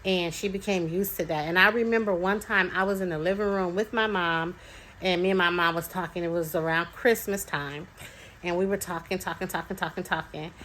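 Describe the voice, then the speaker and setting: A woman's voice: fairly low pitch, fairly even intonation, brisk, fairly bright tone, a little hiss or hum, low-quality recording. A young woman talking as a parent, telling her story in a chatty, casual way, with many fillers and restarts. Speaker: parent sharing experience.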